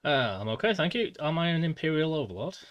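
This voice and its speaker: A man's voice: on the high side, sing-song, quick pace, a bit bright, dull audio. A man with a British accent chatting casually on a gaming livestream, dry, rambling and self-deprecating. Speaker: gaming streamer.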